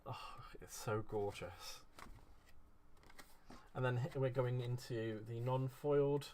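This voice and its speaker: A man's voice: medium pitch, slow, warm tone, a little hiss or hum. A man chatting casually as a craft vlogger, gushing over card-making supplies. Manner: gushing, effusive. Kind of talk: casual craft unboxing chat.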